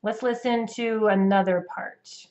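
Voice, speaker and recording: A woman's voice: medium pitch, steady tone, measured pace, darkish tone. Accent coach, woman, North American English, patient demonstrative delivery, slightly dull recording. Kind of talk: instructional explanation to camera.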